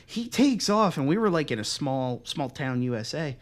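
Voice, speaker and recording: A young man co-hosting a podcast, telling a story in casual, profane chat and acting out the other voices loudly. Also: fairly high pitch, moderate pace. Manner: animated, profane, acts out quoted voices loudly. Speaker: podcast co-host.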